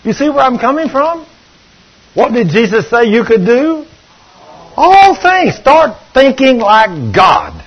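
An older man preaching a sermon, telling stories and swinging between loud and hushed. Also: extremely high pitch, very animated, slow, slightly rough. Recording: dull lo-fi recording.

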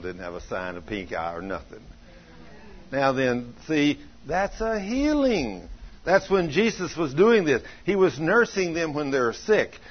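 Male pastor, storytelling sermon delivery, husky tone, slightly muffled lo-fi recording. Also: mid-range voice. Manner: folksy storytelling preacher, swings from loud to hushed.

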